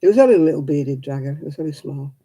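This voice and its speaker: A woman's voice: sits low, animated, racing, mellow, slightly rough. A tired woman, hosting a casual livestream and chatting with her viewers by name. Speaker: livestream host.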